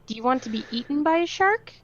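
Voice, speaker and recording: A woman playing a tabletop game, speaking forcefully and confrontationally in character. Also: sits high, animated, quick pace, muffled recording, noisy background. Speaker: player. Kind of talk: casual tabletop role-play.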